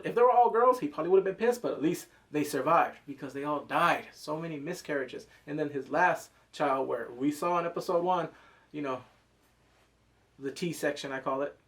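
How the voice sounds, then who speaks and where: A man reviewing a TV episode in a casual, animated way, swearing freely and acting out scenes with quick put-on voices. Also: on the high side. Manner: swears casually, slangy and emotional. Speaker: TV show reviewer.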